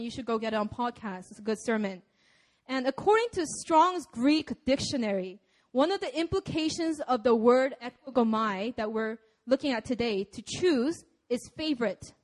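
A young woman delivers a sermon with a bright, high voice. She talks in a loose, conversational way and laughs easily between points. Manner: casual and conversational, laughs often. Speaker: preacher.

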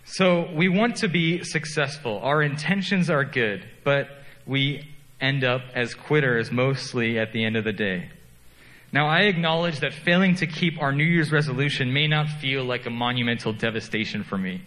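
A man's voice: medium pitch, fairly bright tone, long reverb tail, poor audio. A man preaching a sermon as pastor, telling self-deprecating stories in a conversational way.

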